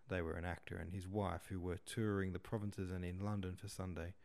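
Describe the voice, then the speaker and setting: Male audiobook narrator, steady and measured, deep and mellow. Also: gravelly. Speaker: podcast host reading a novel.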